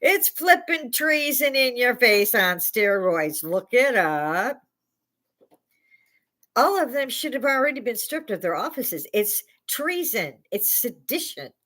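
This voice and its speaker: A woman's voice: on the high side, sing-song, slow pace, pushed and bright. An older woman from Chicago with a Chicago accent, hosting a live stream and ranting bluntly, with plenty of swearing. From Chicago, United States. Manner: blunt, profane, heated ranting. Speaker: livestream host. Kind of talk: opinionated live rant.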